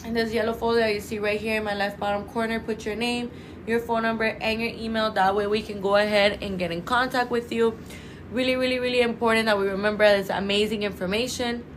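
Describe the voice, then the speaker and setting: A woman presenting a live-streamed product pitch for a clinic, chatty and salesy, addressing viewers as "you guys" and repeating set sales phrases. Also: steady tone, fast talker, a little hiss or hum, poor audio. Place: indoors under bright lights.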